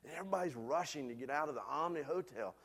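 A man preaching a sermon, telling a lively personal story before turning to a quieter, earnest point. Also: on the high side, fast, breathy edge. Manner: animated storyteller, loud hollering peaks. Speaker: pastor.

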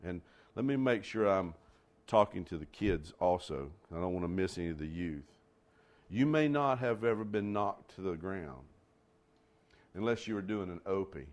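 Man, preacher, low voice, sermon, dramatic pitch swings. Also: lively intonation, moderate pace, darkish tone. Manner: storytelling preacher with sweeping pitch rises. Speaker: pastor.

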